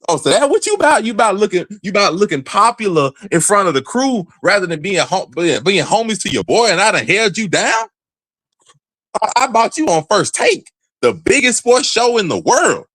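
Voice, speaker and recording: A young man co-hosting a casual sports podcast, talking in slangy, animated bursts and acting out imagined conversations. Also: high-pitched, a little fast, no room sound. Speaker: podcast co-host.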